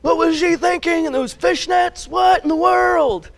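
Dude doing a catty high-pitched church gossip, judgy and nosy. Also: male voice, measured pace, creaky, full character voice. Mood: gossipy. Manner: mocking, gossipy exclamations.

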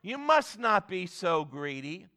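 A stern government agent lecturing a barnyard in a storybook parable, as a man puts him on. He speaks slowly and pointedly, in a bright, forceful voice. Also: sits high, big pitch swings, exaggerated voice.

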